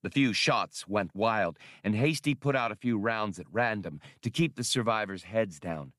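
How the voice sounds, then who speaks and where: A man reading an audiobook aloud, telling the action in an animated way. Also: fairly low pitch, normal speed, no echo, studio quality. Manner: animated storytelling. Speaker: audiobook reader. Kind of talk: audiobook narration.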